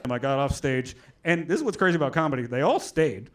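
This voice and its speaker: A man doing a stand-up comedy set on a club stage, telling stories with energy, acting out shouted quotes and swearing. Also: mid-range voice. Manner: animated storytelling, acts out shouted quotes, swears. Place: comedy club stage before a live audience. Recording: live club audio with crowd laughter and noise. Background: audience laughing.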